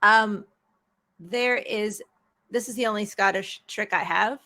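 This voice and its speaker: Bright-voiced woman, playful banter. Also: mid-range voice, takes it slowly. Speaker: author interviewer. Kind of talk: casual chat.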